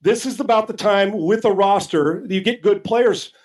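A man's voice: high-pitched, normal speed, a little mellow, poor audio. A man co-hosting a sports talk show, arguing emphatically and casually with some profanity, often repeating words as he starts a sentence.

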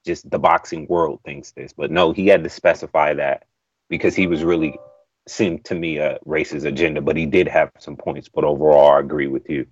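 Deep voiced guy calling in, dry dull lo-fi sound, rambly and pushy about his point. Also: steady tone, brisk, no echo. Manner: rambling, emphatic opinions. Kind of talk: casual chat.

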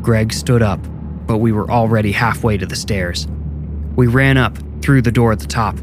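A man narrating a scripted first-person horror story in a measured, low-key way. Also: fairly even intonation, background noise. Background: music.

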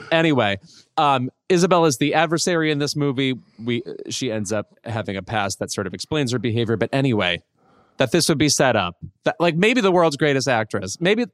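A man with a mid-range voice co-hosts a chatty podcast. His recording is close and dry, with no room sound. He drops wry, deadpan asides as he goes. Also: medium pitch, no room sound. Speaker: podcast co-host. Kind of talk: casual pop culture chat.

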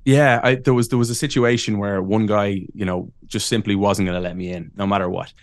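A man in his thirties with an Irish accent, a podcast guest telling lively, self-deprecating stories and laughing often. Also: on the low side, a little fast, no echo, studio quality. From Ireland. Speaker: podcast guest, wrestling announcer. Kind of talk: casual interview storytelling.

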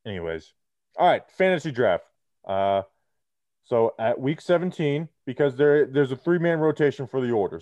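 A man co-hosting a laid-back sports podcast, his voice low and mellow. He jokes in an animated way. The sound is dry and close, but muffled behind a face shield. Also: dry recording. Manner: animated, joking. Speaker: podcast co-host. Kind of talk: casual sports chat. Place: home video call. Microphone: muffled behind a clear face shield.

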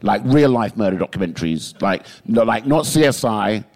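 Animated, swearing comedian. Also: male voice, normal speed. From England. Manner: animated, swearing, pitch jumping high for emphasis. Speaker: guest comedian. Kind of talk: comic storytelling in a podcast chat.

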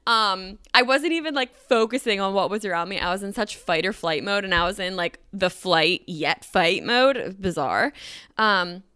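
A young woman telling a story casually, chatty and animated, with lots of "like" fillers. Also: medium pitch, moderate pace, clear, resonant tone, no echo, studio quality. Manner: chatty, filler-heavy with frequent "like"; animated, acts out quoted voices. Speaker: vlogger.

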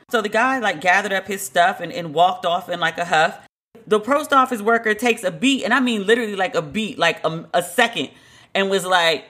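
A woman's voice: mid-range voice, brisk, sharp tone. A woman podcast host telling a story in a chatty way, full of "like" fillers and incredulous asides. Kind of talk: casual storytelling monologue.

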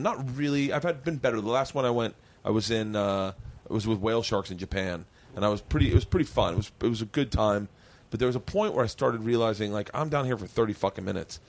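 A man hosting a podcast, telling a story in casual, profane chat and acting out the voices in it. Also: lowish voice. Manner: animated, profane, acts out voices in his stories. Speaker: podcast host.

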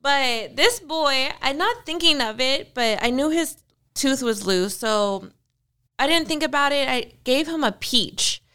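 A woman in her thirties co-hosting a casual podcast chat, telling stories in an animated way and acting out the quotes. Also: high voice, measured pace. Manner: animated storyteller, acts out quotes. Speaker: podcast co-host.

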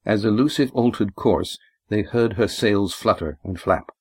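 A man reading a novel aloud in a steady, measured storytelling way. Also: lowish voice, breathy edge, no room sound. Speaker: audiobook narrator. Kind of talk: scripted narration.

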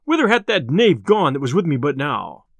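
A man voicing a boastful, hot-tempered tinker who blusters loudly in old-fashioned speech. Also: very animated, normal speed, gravelly, dry recording, exaggerated voice. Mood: angry, indignant. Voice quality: deep bull-like bellow.

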